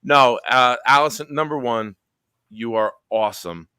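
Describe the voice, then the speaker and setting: A man's voice: medium pitch, measured pace, pushed and bright, clean tone, no echo, studio quality. A man hosting a livestreamed show in casual sports chat. He tells stories with lots of animation and swears freely.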